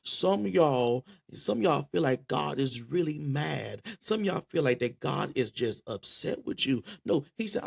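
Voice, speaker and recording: Guy preaching, kinda high voice, gets worked up and keeps repeating words. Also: lively intonation, vocal fry, husky. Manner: impassioned, repeats words in quick restarts. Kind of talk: spoken sermon.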